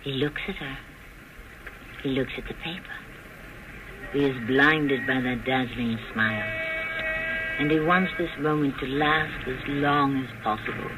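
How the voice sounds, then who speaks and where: A man hosting a radio drama, narrating in a measured, declamatory style. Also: medium pitch, noisy background.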